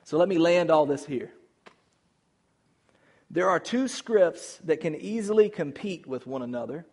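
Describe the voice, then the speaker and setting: A male pastor preaching in a church, his fairly high voice rising and falling over a wide range. He moves from loud, emphatic calls to quiet, tender lines. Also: expressive, a little slow. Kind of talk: sermon. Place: church sanctuary.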